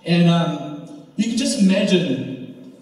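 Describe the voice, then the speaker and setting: Casting note: young male youth speaker, mellow voice, chatty and full of fillers, heard from across a roomy hall. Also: high-pitched, slow pace, distant mic. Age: young adult. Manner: storytelling, filler-heavy, animated. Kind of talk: casual youth sermon.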